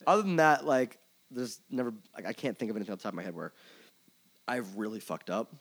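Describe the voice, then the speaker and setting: A man's voice: fairly low pitch, quick pace. A man guesting on a podcast about his work in music merchandising and touring, telling a story in a casual, rambling way, full of "like" and swearing, candid and openly emotional. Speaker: tour manager and merch coordinator guest.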